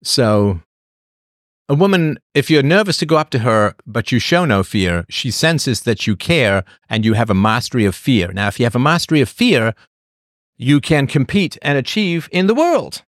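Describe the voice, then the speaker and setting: A man's voice: mid-range voice, lively intonation, moderate pace, no room sound, clean studio sound. A man hosting a show, talking casually in a rambling monologue and answering the chat. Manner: rambling, with acted voices and asides.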